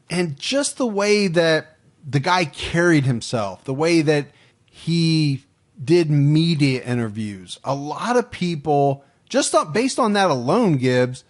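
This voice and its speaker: Slightly high-voiced male podcast host. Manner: reads out names and case facts, dry and matter-of-fact. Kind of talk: casual true crime podcast chat.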